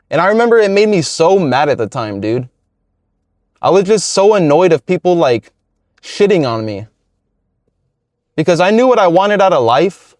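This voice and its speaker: A man in his twenties telling a story from his life in a relaxed, slangy, profane way. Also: high-pitched, fairly quick, no room sound, clean studio sound. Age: 20s. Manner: laid-back, profane, slangy. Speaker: YouTuber. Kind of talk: casual storytelling vlog.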